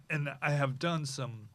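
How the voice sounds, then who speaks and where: A man hosting a podcast, talking in a rambling, halting way, hoarse and losing his voice, in a small podcast studio. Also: a little high, slight background noise. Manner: rambling, halting, with many restarts. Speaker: podcast host. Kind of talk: casual chat.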